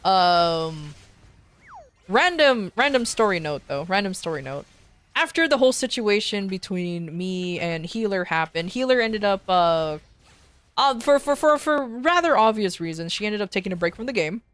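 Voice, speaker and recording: A woman streamer casually telling a story to her viewers, animated, often restarting and repeating words. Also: mid-range voice, normal speed, smooth. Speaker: VTuber streamer.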